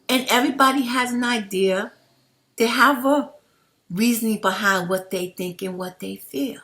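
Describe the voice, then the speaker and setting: A woman's voice: fairly high pitch, normal speed, fairly bright tone. A woman, talking straight to her viewers as "family" in an impassioned commentary vlog. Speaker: YouTube commentator. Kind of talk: direct-to-camera commentary vlog.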